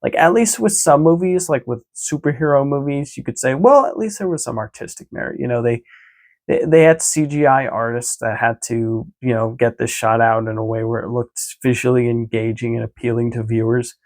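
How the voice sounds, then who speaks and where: A man's voice: medium pitch, normal speed, darkish tone. A man vlogging a casual recap of his day, easygoing and chatty, rambling with lots of filler words and restarts.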